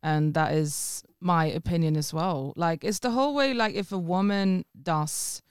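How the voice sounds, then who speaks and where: A woman's voice: on the low side, a little slow, clean tone, no echo, clean studio sound. A young woman co-hosting a casual podcast, laid-back and agreeable. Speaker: podcast co-host. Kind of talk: casual chat.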